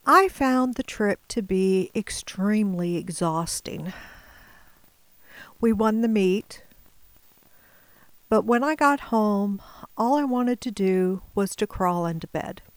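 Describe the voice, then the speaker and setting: A woman tells a personal story slowly and deliberately, sometimes sinking to a whisper. Her voice sits in a middle range. It sounds dry and close, with no room around it. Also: mid-range voice, lively intonation, no room sound, rough recording. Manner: measured, deliberate, at times dropping to a whisper.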